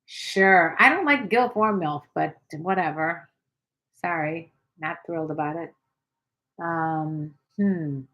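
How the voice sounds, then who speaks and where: Older woman, livestream host, lowish voice, frank and playful with comment replies. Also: slow, fairly bright tone, poor audio. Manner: chatty, reads comments aloud, frank and playful. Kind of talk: casual livestream chat reading viewer comments.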